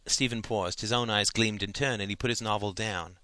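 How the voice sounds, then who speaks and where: Male audiobook narrator, lowish pitch, crisp bright tone, measured. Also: fairly even intonation, no room sound.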